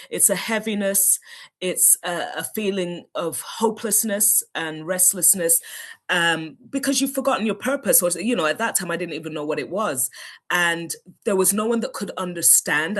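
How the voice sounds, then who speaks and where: A woman, a podcast guest and wellbeing coach from South London, sharing her faith story candidly with a lot of laughter. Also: fairly low pitch. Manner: earnest, animated, laughs often. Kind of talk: candid testimony in a faith interview.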